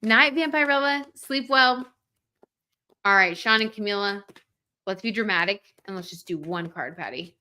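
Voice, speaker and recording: A woman's voice: mid-range voice, normal speed, pushed and bright. A young woman hosting a livestream tarot reading, chatting casually and reading viewer comments aloud with many "like" fillers. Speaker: tarot reader and livestream host.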